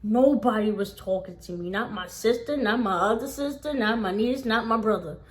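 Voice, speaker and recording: A woman's voice: a little high, moderate pace. A young woman telling a casual storytime on her vlog, swearing freely and repeating phrases for emphasis. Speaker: vlogger.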